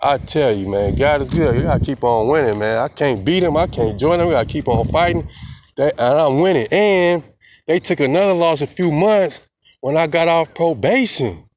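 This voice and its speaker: A man's voice: on the high side, moderate pace, noisy background. A young man, rambling defiantly in a casual vlog monologue, repeating himself and swearing a lot. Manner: heavy slang and profanity. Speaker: vlogger.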